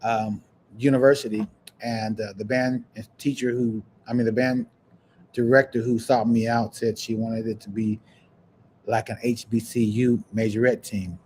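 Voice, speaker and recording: A man hosting a podcast, chatting casually and preaching encouragement in a warm, churchy way. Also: mid-range voice, level tone, normal speed, slight background noise. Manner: warm, churchy, breaks into laughs and sing-song. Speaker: podcast host. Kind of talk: casual livestream chat, preachy sign-off.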